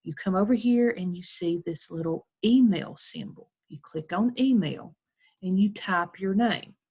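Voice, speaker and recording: A woman's voice: mid-range voice, a little slow, darkish tone, breathy edge. An American woman teacher patiently walking children through a recorded screen tutorial, step by step.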